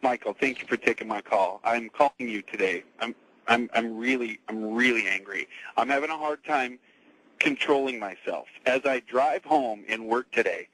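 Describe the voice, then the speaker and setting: A man's voice: medium pitch, normal speed, fairly bright tone, low-quality recording. A man calling in to a radio show, furious and building in anger. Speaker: caller. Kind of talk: radio call-in. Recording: radio call.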